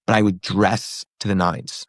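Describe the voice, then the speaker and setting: A comedian in his thirties telling a story in a casual interview, animated, acting out the other people in it. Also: lowish voice, unhurried, dry recording, clean studio sound. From New York and Pennsylvania. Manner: animated, acts out quoted voices. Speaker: comedian guest.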